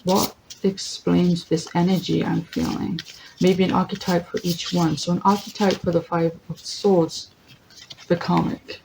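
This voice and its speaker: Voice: medium pitch, flat delivery, a little slow, creaky, a little mellow, a little hiss or hum, low-quality recording. A tarot reader giving a casual general reading, thinking aloud, correcting themselves, laughing easily and reading lists from a guidebook. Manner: chatty, thinks aloud, often corrects itself.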